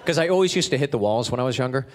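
A man's voice: medium pitch, rapid-fire. Exasperated male stand-up ranting. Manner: animated storytelling, exasperated rants. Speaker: stand-up comedian. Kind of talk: stand-up comedy. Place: stage in a comedy venue. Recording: live stand-up set with audience laughter. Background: crowd laughing.

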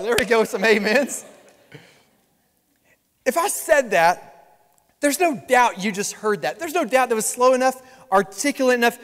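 A man preaching a sermon as pastor, lively and conversational with touches of humor. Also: extremely high pitch, a little slow, pauses often. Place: large church sanctuary. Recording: long reverb of a large hall.

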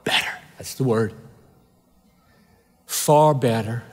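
A male preacher delivers a fervent sermon at an unhurried, deliberate pace, leaning on repeated rhetorical questions. His mid-pitched voice carries a long hall reverb from a large auditorium.

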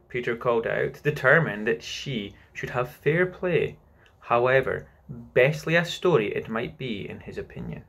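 A man reading a children's novel aloud as narrator, expressive and unhurried. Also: medium pitch, creaky. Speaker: audiobook narrator. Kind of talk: scripted narration.

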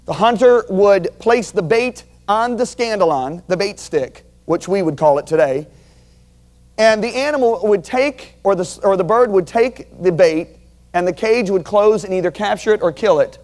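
A man's voice: sits high, animated, moderate pace, a little mellow. A middle-aged man teaching a sermon, earnest and emphatic, calling on his listeners to repeat key words after him. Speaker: Bible teacher.

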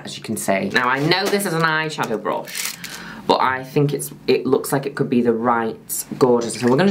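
A woman in her twenties chatting through a makeup tutorial, camp and theatrical, gushing at her viewers. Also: a bass voice. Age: 20s. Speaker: makeup vlogger.

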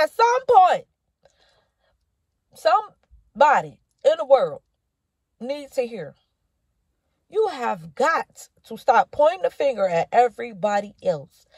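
A woman's voice: sits high, no room sound. A woman minister preaching to camera with impassioned, rhythmic repetition, calling the listener honey and baby. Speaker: minister giving a prophetic word.

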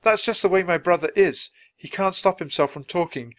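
A careful young boy trying to keep out of trouble, as a man reading the story puts him on. He talks in a hushed, urgent way, pitched a little above the reader's own voice. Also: normal speed, lightly acted. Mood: flustered.

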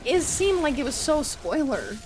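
A woman's voice: sits high, sing-song, normal speed, shouting, music in the background. A woman streamer chatting casually while gaming, swearing freely, exasperated and laughing often as she answers her chat.

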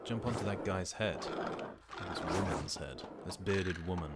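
Over background game music and heavy noise, a middle-aged man talks to himself in a cursing, joking way as he hosts a casual let's play. His deep voice moves at an unhurried pace.

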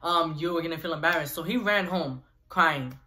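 A young man vlogger telling a personal story in an animated, chatty way with asides to viewers. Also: fairly high pitch, moderate pace. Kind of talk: storytime vlog.

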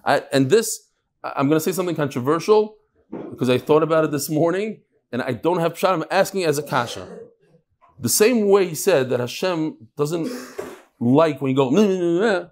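Lively, slightly high male Talmud teacher. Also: moderate pace. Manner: animated, thinks aloud and asks the room questions. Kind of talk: daily Talmud class before a live audience.

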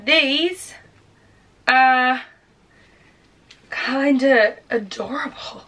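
A young woman with a Yorkshire accent chatting excitedly to camera at home as she sorts her things. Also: sits high, takes it slowly, pauses often. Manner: chatty and excitable, talks to camera while sorting. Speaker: vlogger. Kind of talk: casual vlog chat. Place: bedroom at home.

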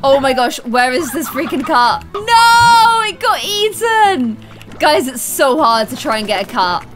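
A woman hosting a let's play video, chatting excitedly to viewers and gasping and squealing at the game. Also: sits high, moderate pace, over music. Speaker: gaming video host.

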